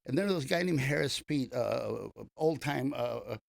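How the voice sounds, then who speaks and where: A man's voice: medium pitch, expressive, normal speed, gravelly, no echo, studio quality. An older man, a comedian being interviewed, telling long stories in a casual, rambling way with many restarts. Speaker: comedian guest.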